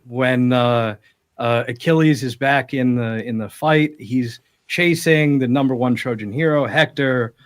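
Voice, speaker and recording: A man's voice: medium pitch, no echo, clean studio sound. A man in his twenties, a podcast guest in casual banter, with wordy, mock-formal literary asides. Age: 20s.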